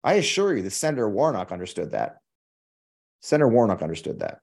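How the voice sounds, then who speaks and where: A man's voice: lowish voice, very animated, fast talker, vocal fry, a little mellow. A middle-aged American man hosting a podcast, delivering heated, profane political commentary with emphatic repetition. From United States. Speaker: podcast host.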